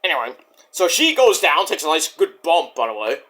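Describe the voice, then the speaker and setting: Lively, bright-voiced man recapping wrestling. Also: on the high side, normal speed. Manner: animated, rambling, profane asides. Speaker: wrestling show reviewer. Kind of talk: casual recap vlog.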